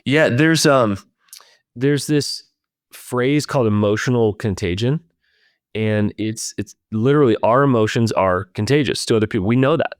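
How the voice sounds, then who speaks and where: A man's voice: medium pitch, normal speed, clean tone, no room sound, clean studio sound. A man hosting a leadership podcast, talking in an earnest, reflective way and speaking straight to his listeners. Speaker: podcast host.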